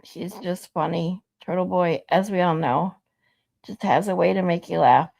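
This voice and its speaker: A woman's voice: on the low side, steady tone, moderate pace, gravelly, a little mellow. A woman hosting a casual live stream, thanking viewers between clips. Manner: thanks viewers, laid-back chatter.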